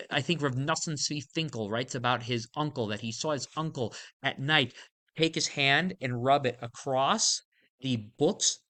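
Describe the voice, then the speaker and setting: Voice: mid-range voice, bright, forceful tone. A Torah teacher giving an emphatic, explanatory lesson on a verse, with casual fillers along the way.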